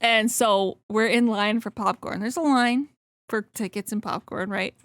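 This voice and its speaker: A woman's voice: medium pitch, steady tone, measured pace, fairly bright tone, no room sound. A young woman co-hosting a podcast, chatting casually, laughing often and swearing. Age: young adult. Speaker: podcast co-host. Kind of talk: casual chat.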